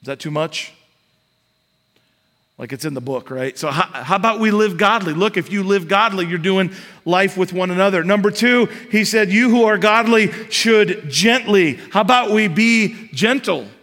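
A high-pitched man preaching a sermon, talking to the congregation as if in conversation. He builds his points with rising emphasis and drops in casual asides. His voice carries the long reverb of a large hall. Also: moderate pace, a bit bright. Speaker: pastor.

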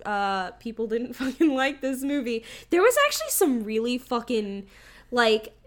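A young woman with a high, bright-sitting voice chats on a podcast. She talks in an animated way, swears freely and often breaks into laughter. The tone is loose and conversational. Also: measured pace. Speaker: podcast co-host. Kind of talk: casual chat.

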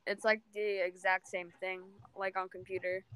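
A woman's voice: mid-range voice, little pitch movement, moderate pace, fairly bright tone. A woman co-host chatting on a video call from her phone, laid-back and skeptical. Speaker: podcast co-host. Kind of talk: casual chat on a video call.

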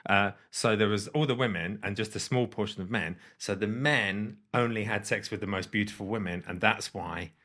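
A man's voice: fairly low pitch, moderate pace, few pauses, sharp tone. A man chatting casually as co-host, telling stories animatedly and tripping over repeated words. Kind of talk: casual chat.

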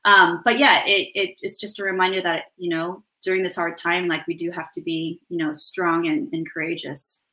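Reflective mom with a bright voice. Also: female voice, lowish voice, level tone, normal speed. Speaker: guest mother. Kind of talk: casual chat.

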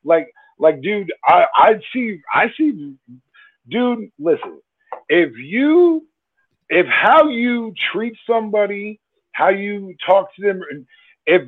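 A man with a husky voice in a casual podcast chat, talking heatedly and swearing. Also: high voice, expressive, takes it slowly. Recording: tinny phone-like line.

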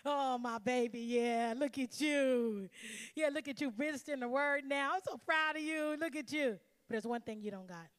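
A woman preacher voicing her humble older father, speaking softly, low and unhurried, with gentle counsel. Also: clean tone, lightly acted. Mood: proud, teasing.

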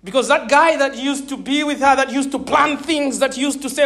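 A woman in her thirties preaching a sermon, animated and laughing often, checking in with her listeners and repeating words as she thinks. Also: high voice, normal speed, hardly any pauses. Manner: repeats words when searching for them.

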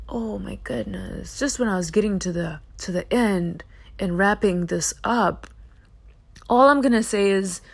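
A woman's voice: medium pitch, gravelly. A woman hosting a podcast in a casual solo monologue, chatty, slangy and emphatic. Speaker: podcast host.

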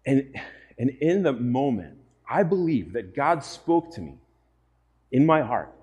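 A man's voice: medium pitch, sing-song, measured pace, a little mellow, muffled recording. A man preaching a sermon as pastor to a congregation, earnest and often putting questions to his listeners.

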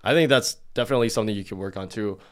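Man, casual chat, low voice, loose chatty talk with lots of "like", flat delivery. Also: racing. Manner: loose and chatty, heavy use of "like"; calls his own delivery monotone. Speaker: video co-host.

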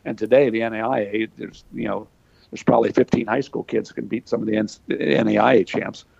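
A man's voice: lowish voice, fairly even intonation, a little fast, vocal fry, darkish tone, husky, dry recording, muffled recording. An older man from Pennsylvania, telling stories in a folksy way with lots of fillers. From Pennsylvania, USA. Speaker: interview guest, former wrestler. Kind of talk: storytelling in casual chat.

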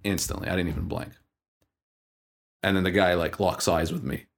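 A man co-hosting a podcast, telling a story in a casual, animated way. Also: low voice, moderate pace, gravelly. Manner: animated storyteller, acts out dialogue. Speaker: podcast co-host.

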